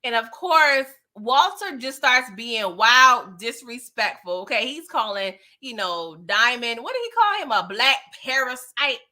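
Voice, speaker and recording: A woman's voice: a little high, very animated, measured pace, hardly any pauses, sharp tone. A woman casually recapping TV episodes for her viewers, chatty and slangy, talking straight to the audience. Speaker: TV show recap vlogger.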